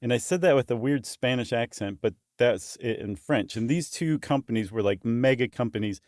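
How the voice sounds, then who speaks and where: A man's voice: medium pitch, normal speed, dry recording. A man co-hosting a podcast, his voice in an ordinary middle register. He chats casually and slips into joking asides. The sound is close and dry. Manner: jokey, animated asides. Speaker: podcast co-host. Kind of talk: casual chat.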